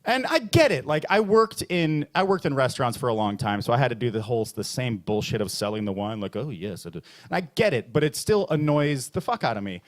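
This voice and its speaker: A man's voice: expressive, brisk, few pauses. A man hosting a bar comedy open mic, rambling through a stand-up bit with lots of fillers and restarts, jumping into mock voices for the punchlines. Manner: jumps into high mock voices and low pompous voices for bits.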